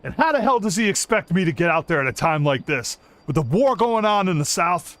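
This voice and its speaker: A man putting on a gruff, hot-tempered mining boss. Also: sits high, big pitch swings, a little fast, fairly bright tone, dry recording. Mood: exasperated. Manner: brusque, insulting, barking.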